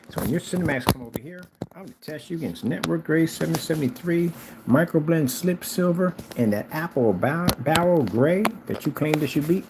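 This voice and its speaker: A man's voice: a little high, very noisy. A man who sells screen paint, delivering a heated, mocking reaction rant at a rival. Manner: mocking, combative.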